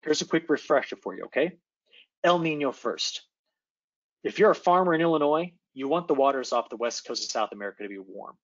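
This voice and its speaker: A man, an atmospheric scientist, giving an animated forecast presentation in a virtual meeting, often checking in with his audience. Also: on the high side, dull audio. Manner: animated, engaging, addresses audience with quick checks. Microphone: video call.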